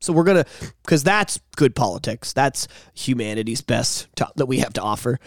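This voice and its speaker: A man's voice: medium pitch, animated, normal speed, dry recording, clean studio sound. A man hosting a podcast, ranting in a heated, profane way in casual chat. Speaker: podcast host.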